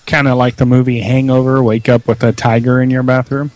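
A man's voice: medium pitch, flat delivery, a little fast, a little mellow, no room sound. A man co-hosting a casual podcast chat, dry and teasing, fond of playful wordplay. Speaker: podcast co-host.

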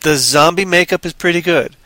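A man rants in a casual podcast chat, sarcastic and worked up. His voice sits high and bright and swings widely in pitch. The sound is close and dry. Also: fairly quick, no echo. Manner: animated, ranting, sarcastic. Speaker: movie reviewer.

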